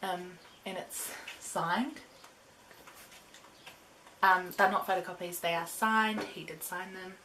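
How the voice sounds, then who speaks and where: A young woman telling a fan story in a casual bedroom vlog, excitable and gushing, with giggles and drops to a whisper. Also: on the low side, slow, long pauses, a little hiss or hum. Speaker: vlogger.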